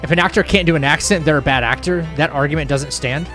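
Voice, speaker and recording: A man's voice: a little high, fast, a bit bright, faint music behind. A man streaming and chatting casually, reacting to viewer comments and restarting his sentences often. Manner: rambling, with frequent restarts and stammers. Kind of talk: casual chat reading live chat.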